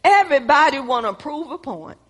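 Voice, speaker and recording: A woman's voice: sits high, big pitch swings, brisk, a bit bright. A woman preaching a sermon, emphatic and repetitive, calling out to her congregation. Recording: reverberant hall.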